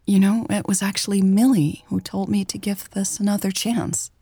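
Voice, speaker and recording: Storybook lover, nervous and shy; a woman reads her, low gravelly tone, dry room. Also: fairly even intonation, normal speed, mellow, no echo. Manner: flustered, shy, stammering. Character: nervous young woman in love. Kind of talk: read-aloud story dialogue.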